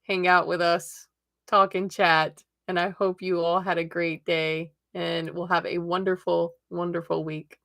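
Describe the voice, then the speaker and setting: Chatty low-voiced woman hosting a tarot stream. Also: little pitch movement, unhurried, creaky. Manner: chatty, laughs often, addresses viewers warmly as lovelies. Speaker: host. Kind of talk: casual live-stream chat; tarot reading.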